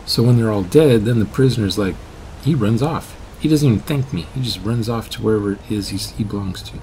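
A man giving casual gameplay commentary, rambling and correcting himself, sometimes trailing off into quiet mutters. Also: on the low side, brisk, a little hiss or hum.

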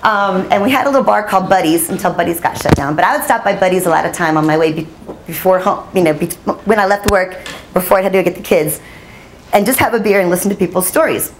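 A woman journalist telling stories at a storytelling summit, lively and laughing, acting out the voices she quotes. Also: medium pitch, a little hiss or hum. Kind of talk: animated storytelling talk. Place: conference hall.

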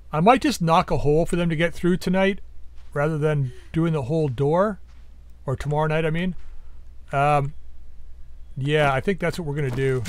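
A man giving casual gameplay commentary, thinking aloud as he plans, his voice going a bit hoarse. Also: a little high. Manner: thinking aloud, musing and planning.

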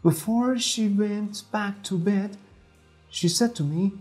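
A young woman reading a first-person story slowly and clearly for language learners. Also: medium pitch, lively intonation. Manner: slow, clear, careful reading. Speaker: narrator. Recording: faint music behind.

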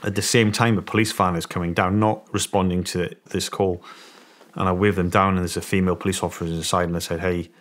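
British man, middle-aged, lowish voice, animated storyteller, podcast guest. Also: fast talker. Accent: British English. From England. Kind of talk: storytelling in an interview.

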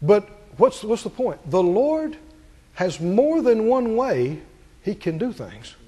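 A male pastor preaching a sermon to a congregation, asking them questions and climbing to high, emphatic peaks. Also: very animated, slow pace, dark tone, husky.

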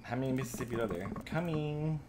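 A man doing let's-play commentary on a horror game, jumpy and excitable and laughing often. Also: medium pitch, fast talker, noisy background. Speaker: gaming streamer. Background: game music.

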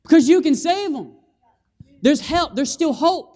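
A man preaching an animated sermon in a church, calling for amens from the congregation and acting out scenes with sound effects. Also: very high voice, measured pace. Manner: animated, with call-and-response and vocal sound effects. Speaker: guest preacher. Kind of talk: lively evangelistic sermon. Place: church sanctuary.

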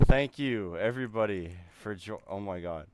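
A man streaming live, reacting in excited disbelief with lots of repeated exclamations. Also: fairly low pitch, normal speed, dry recording. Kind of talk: casual live-stream chat.

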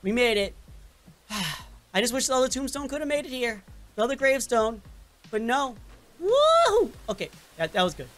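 A woman hosting a casual game playthrough, reacting with excitable, dramatic exclamations and groans. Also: on the high side, fairly quick, long pauses, background noise. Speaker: gaming channel host. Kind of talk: casual let's-play commentary.

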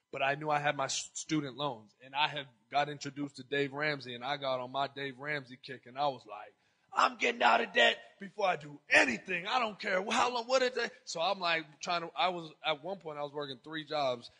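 A male pastor telling a personal story from the pulpit in a lively, animated way. He acts out conversations and breaks into shouts. His voice sits high, with a bright edge. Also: low-quality recording. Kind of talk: storytelling sermon.

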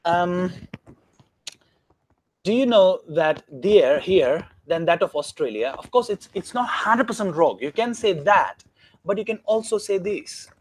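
A man teaching a classroom grammar lesson, often stopping to ask the students whether it is clear. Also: high voice, lively intonation, unhurried. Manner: keeps checking understanding with questions.

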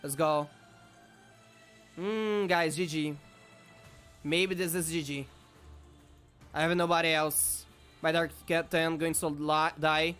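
Guy narrating his game, mumbles then gets loud and hyped, faint music under it. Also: a little high, slow, pauses often, clean tone. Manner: excitable, swings from muttering to shouting. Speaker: gaming YouTuber. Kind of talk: casual gameplay commentary.

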